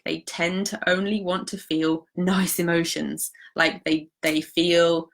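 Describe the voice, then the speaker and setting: Chatty woman with a bright voice. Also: fairly low pitch. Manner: chatty, reassuring, many fillers like "like". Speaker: holistic practitioner hosting a live stream. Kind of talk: casual live-stream talk.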